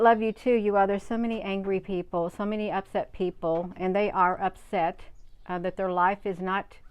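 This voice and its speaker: A woman with a mid-range voice hosts a casual livestream, chatting with viewers and reading out their comments. She hammers her points home by repeating them in short, emphatic bursts. There's no room sound.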